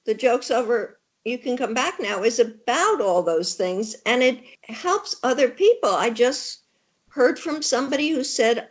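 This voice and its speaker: A woman's voice: a little high, animated, a little slow. An older widowed woman talking candidly with wry humor as an interview guest. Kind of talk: conversational interview. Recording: dull lo-fi audio.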